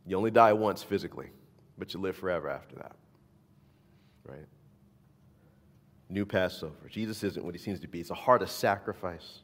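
A man's voice: low-pitched, moderate pace, long pauses. A man preaching a sermon in a church hall, talking in a loose, conversational way and often checking in with the listeners. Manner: conversational, animated, asks the listeners "right?". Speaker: pastor. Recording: long hall reverb.

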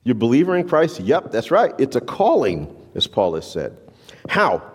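A man preaching a sermon as a pastor, conversational and animated, tagging his points with "right?". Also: medium pitch, moderate pace, slightly rough. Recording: long reverb of a large hall.

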